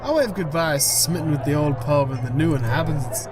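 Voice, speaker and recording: A man's voice: fairly high pitch, fairly even intonation, fairly quick, over music, crowd noise. A man hosting a gaming video, reading a story game aloud with stumbles, restarts and side comments.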